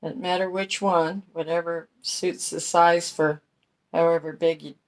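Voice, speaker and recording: Slow, low-voiced woman crafting. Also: fairly even intonation. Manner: chatty, folksy, talks while working. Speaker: crafting channel host. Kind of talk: casual craft tutorial talk.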